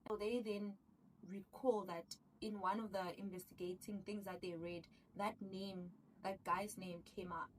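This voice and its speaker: Woman excitedly retelling a drama plot, bit far from the mic, faint background hum. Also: mid-range voice, unhurried. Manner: animated, excitable storytelling, acts out characters' lines. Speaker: show recapper. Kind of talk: casual recap of a drama series.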